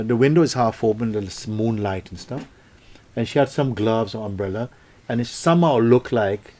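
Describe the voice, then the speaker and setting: A man's voice: medium pitch, a little mellow. A man giving a spiritual satsang talk, telling a story playfully and acting out quoted voices, with loose spoken grammar. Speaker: spiritual teacher.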